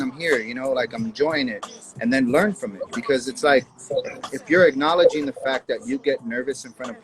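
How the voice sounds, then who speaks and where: A man's voice: medium pitch, low-quality recording. A man talking easygoingly as a guest in a casual chat, often repeating words as he starts his sentences.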